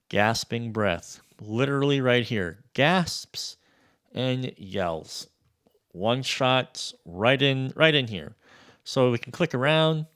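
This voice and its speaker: A man demoing a sample library in a casual, excitable walkthrough, loose and swearing freely. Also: medium pitch. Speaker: music producer reviewing a sample library.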